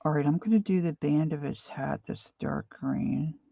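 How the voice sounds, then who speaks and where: A woman's voice: low-pitched, normal speed, creaky, mellow, no room sound, dull audio. An older woman chatting casually while she paints live, rambling and reading viewer comments aloud. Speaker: painting instructor. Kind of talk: live painting stream chat.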